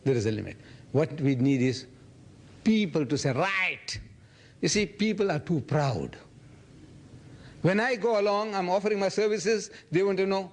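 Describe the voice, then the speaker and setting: Animated older man lecturing. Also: sits high, normal speed, long pauses. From South Africa. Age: 70s. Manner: animated, acts out dialogue in quoted voices. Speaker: lecturer answering audience questions. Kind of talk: public lecture Q&A.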